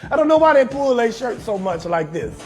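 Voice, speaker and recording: A young adult male comedian hosting a live talk show, riffing loudly with crude advice and calling out viewers in his chat. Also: very high-pitched, big pitch swings, a little fast. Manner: loud, brash, riffing, shouting out viewers in chat. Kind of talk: profane comedic advice monologue on a livestream.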